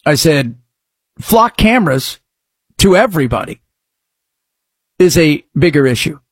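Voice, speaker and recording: A man's voice: on the high side, sing-song, measured pace, slightly rough, dry recording. A man delivering emphatic opinion commentary, full of rhetorical questions and frequent restarts.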